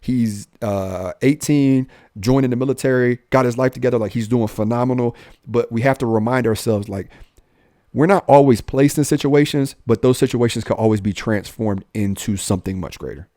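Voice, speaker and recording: A man's voice: mid-range voice, moderate pace, no echo. Guest officer, young man; candid storyteller, voices the others in his story, mid voice, dry room. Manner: animated, acts out dialogue with slang.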